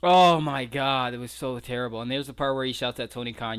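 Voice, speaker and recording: A man's voice: mid-range voice, fairly quick, fairly bright tone, clear, resonant tone. A man giving a casual, incredulous breakdown of fight footage, mocking and swearing freely. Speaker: wrestling commentary vlogger.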